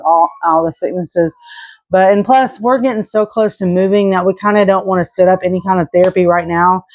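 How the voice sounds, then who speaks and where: A woman's voice: mid-range voice, darkish tone, no echo, lo-fi sound. A woman in her thirties from Arkansas, answering viewer questions in an earnest, rambling, casual way. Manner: earnest and rambling, with many restarts and fillers. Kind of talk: casual Q&A chat.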